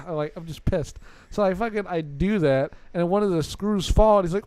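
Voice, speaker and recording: A young man co-hosting a podcast, telling a story in a casual, animated, exasperated way and swearing often. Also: high voice, a little fast, no room sound. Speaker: podcast co-host.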